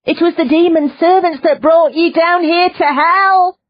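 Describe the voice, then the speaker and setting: A woman's voice: very high-pitched, steady tone, measured pace, dull audio, pitched above the performer's own voice. A woman reading an audiobook voices a terrified, half-mad young woman prisoner who wails and clings to her fixed idea. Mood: frantic. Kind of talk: audiobook character voice.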